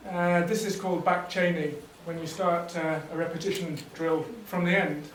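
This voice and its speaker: A man leading a teacher workshop, explaining teaching ideas in a relaxed way with fillers and restarts. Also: a little high, normal speed, slight background noise. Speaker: workshop trainer. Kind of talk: teacher training talk. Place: workshop room. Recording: echoey room, distant mic.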